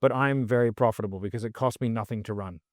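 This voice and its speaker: In a studio-quality recording with no echo, a male sales trainer speaks fast in a mid-range voice as a podcast guest. The conversation is casual, and he rambles bluntly, swearing often and saying "like" constantly.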